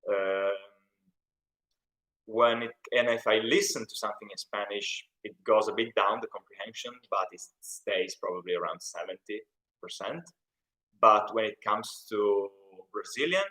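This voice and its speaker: A man's voice: lowish voice, pushed and bright, low-quality recording. A young Italian man with an Italian accent, hosting a casual live stream Q&A and chatting in a rambling way. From Italy. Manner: chatty, rambling, reads out chat comments. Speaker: YouTube channel host.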